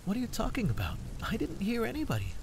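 A man's voice: high-pitched, wildly swooping pitch, fast talker, gravelly, noisy background, pitched above the performer's own voice, exaggerated voice. A man voicing a worried, bossy young woman companion who urgently scolds her friend in a storm.

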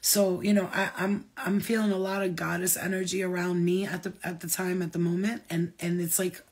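Husky, rambling, foul-mouthed woman medium. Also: on the low side, fairly quick. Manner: rambling, profane, excitable. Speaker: spiritual medium. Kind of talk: casual spiritual vlog.

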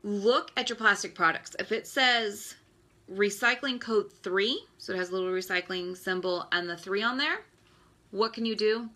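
Host, female, thirties, tense and bright-toned, frustrated ranting delivery for a casual live stream. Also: medium pitch, moderate pace. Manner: exasperated, ranting. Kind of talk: Facebook Live talk.

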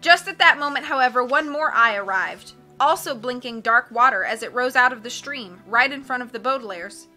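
A woman reading a novel aloud as an audiobook narrator, expressive and lifting her voice for dialogue. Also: on the high side, moderate pace, hardly any pauses, soft background music. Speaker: audiobook reader.

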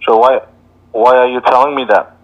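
A man's voice: medium pitch, steady tone, normal speed, highs cut off. A man with an Indian accent on a scam call, blunt and combative, swearing back at the caller.

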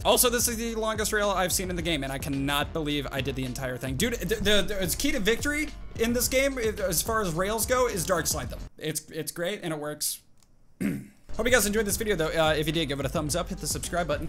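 An excitable man narrating his own gameplay, bursting into exclamations and hyping himself up. His voice sits a little high and has a bright, forceful edge. Faint music plays underneath. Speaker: gaming video host. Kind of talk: live gameplay commentary. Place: at a home computer desk.

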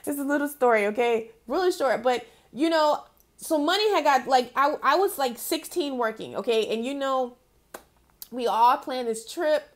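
High-voiced chatty woman reading tarot. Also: lively intonation, moderate pace. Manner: chatty, affectionate, storytelling with many fillers. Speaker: tarot reader. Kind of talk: casual spiritual card reading.

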